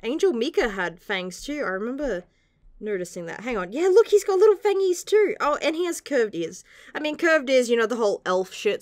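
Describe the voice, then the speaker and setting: A woman's voice: medium pitch, dry recording, studio quality. A young woman gushing through a casual manga chapter review, laughing often and swearing casually.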